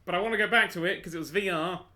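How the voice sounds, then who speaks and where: A man's voice: high-pitched, rapid-fire, bright, forceful tone. A man hosting a podcast in casual chat, rambling and swearing freely. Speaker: podcast host. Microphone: desk mic, clicky keyboard nearby.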